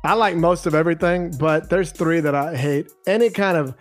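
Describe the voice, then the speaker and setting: A man co-hosting a podcast in casual chat, animated and quick to laugh. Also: fairly high pitch, soft background music. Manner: laughs easily, animated storytelling. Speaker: podcast co-host.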